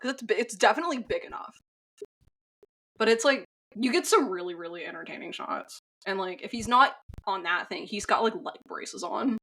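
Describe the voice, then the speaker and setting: A woman's voice: mid-range voice, expressive, moderate pace, vocal fry, sharp tone, husky. A woman co-hosting a podcast, recapping a film in a rambling, casual way with many fillers and frank swearing. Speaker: podcast co-host.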